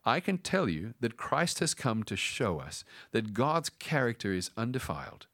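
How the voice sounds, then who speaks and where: A middle-aged man preaching a sermon, with slow dramatic pauses and some passages dropped to a whisper. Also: mid-range voice, big pitch swings, fairly bright tone. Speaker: pastor.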